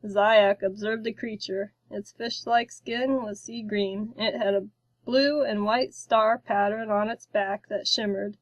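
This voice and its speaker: A woman narrating a children's storybook in a slow, careful reading. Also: mid-range voice, steady tone, no echo, lo-fi sound.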